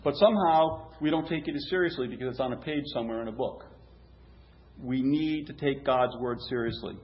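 A man preaches a sermon briskly in a mid-range voice, talking conversationally, posing rhetorical questions and restarting phrases. The recording is roomy, dull and lo-fi, with a faint hum.

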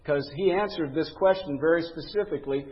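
Earnest male Bible teacher, slightly raised pitch, recorded with long reverb. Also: fairly quick, highs cut off. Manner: earnest, conversational teaching with emphatic scripture readings. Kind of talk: Bible lesson.

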